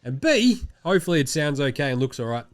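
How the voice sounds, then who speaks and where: A man with an Australian accent hosting a casual sports chat from a studio, nasal from a head cold, animated and swearing. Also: a little high, fast talker. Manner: animated, swearing, mocking put-on voices. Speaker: podcast host. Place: home studio.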